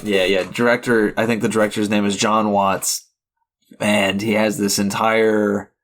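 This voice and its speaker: A young man with a lowish voice co-hosts a film podcast. He talks in a relaxed, casual way, laughs often and swears now and then. He sounds close to a podcast mic. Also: measured pace. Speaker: podcast co-host. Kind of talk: casual chat.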